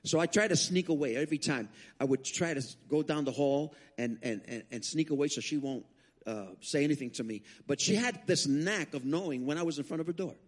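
A man preaching as a guest speaker, telling his testimony as an animated story with frequent restarts. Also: on the high side, a little fast. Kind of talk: sermon testimony.

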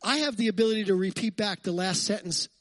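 A man pastor preaching a lively, conversational sermon, full of jokes and asides to the congregation. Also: high voice, quick pace, dry recording.

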